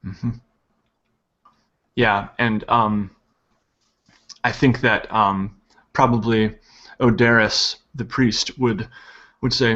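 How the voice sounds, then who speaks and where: A man narrating as game master of a tabletop game, halting with many pauses and fillers. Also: fairly low pitch, flat delivery, fairly bright tone, highs cut off.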